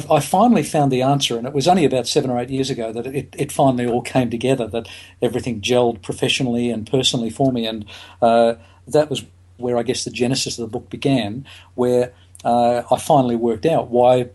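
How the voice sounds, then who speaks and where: A man speaking as a guest on a podcast, pausing often and restarting his thoughts. His voice sits at a middle pitch for a man. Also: darkish tone. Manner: hesitant, full of "uh" fillers and restarts. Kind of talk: podcast interview.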